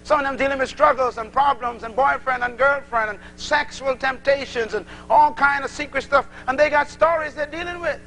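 A man's voice: extremely high pitch, fairly quick, few pauses, slight background noise, rough recording. A man preaching a sermon to a congregation, acting out little dialogues as he teaches. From Bahamas. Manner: animated, acts out little dialogues.

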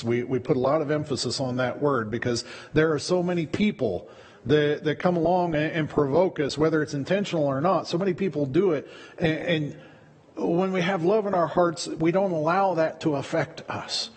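A man's voice: a little high, normal speed, a little mellow, breathy edge. A man preaching a sermon as pastor, in a conversational way that often repeats words as he goes. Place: church sanctuary. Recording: long church reverb.

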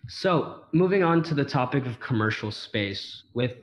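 A young man, a student co-host, reading out a prepared interview question in a measured way. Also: medium pitch, animated. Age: young adult.

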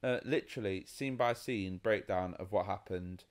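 A British man co-hosting a podcast in casual chat, blunt, swearing, with quick asides. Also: low voice. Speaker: podcast co-host.

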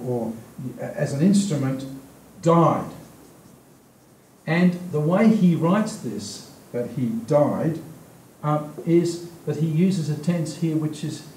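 In a warm, mellow voice, a man teaches a Bible study, explaining scripture haltingly and thoughtfully with fillers and restarts. He slows on key words, and the roomy, echoey recording carries a faint low rumble behind him.

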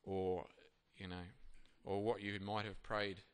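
A man's voice: on the low side, level tone, slow, smooth. A man giving a sermon, reading Bible passages and then reflecting on them in a conversational, hesitant way with many fillers and restarts. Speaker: preacher.

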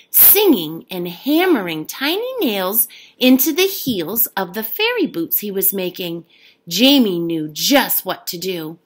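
A woman's voice: medium pitch, a bit bright. A woman reading a storybook aloud as a teacher, giving the characters their own voices.

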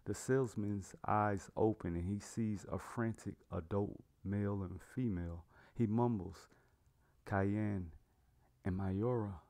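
A man narrating a fantasy story in a plain, even read-aloud manner. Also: lowish voice, measured pace, few pauses. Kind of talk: storybook reading.

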